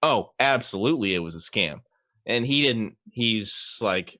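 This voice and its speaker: A man's voice: low voice, unhurried, bright, forceful tone. A man co-hosting a casual gaming podcast, laid-back, chiming in with jokes and short reactions. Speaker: podcast co-host.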